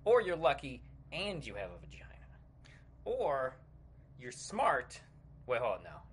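A man's voice: mid-range voice, huge pitch swings, measured pace, a little hiss or hum. A man hosting a comedy podcast, talking in an irreverent, crude joking way. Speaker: podcast host.

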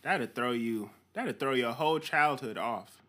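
A man's voice: mid-range voice, a little slow, bright, forceful tone. A man co-hosting a podcast, chiming in with laid-back jokes and asides. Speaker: podcast co-host. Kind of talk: casual chat.

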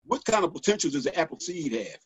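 A middle-aged man talking as a podcast guest and author, animated and preacherly, checking in with "right?" as he goes. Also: fairly high pitch, fast talker, husky. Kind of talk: motivational podcast conversation. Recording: dull, dry lo-fi audio.

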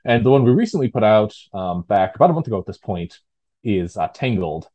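A man's voice: on the low side, very animated, fairly quick, highs cut off. A man talking casually as an interview guest, rambling with fillers and restarts. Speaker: guest, tabletop game designer.

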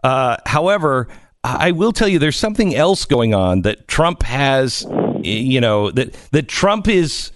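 A man's voice: medium pitch, sing-song, unhurried. A man hosting a radio talk show, talking casually with frequent stumbles and restarts.

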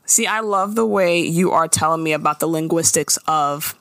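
A woman hosting a casual podcast, recapping a TV episode in an animated way, swearing freely and slipping into quoted voices. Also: low-pitched, normal speed, dry recording. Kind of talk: casual chat.

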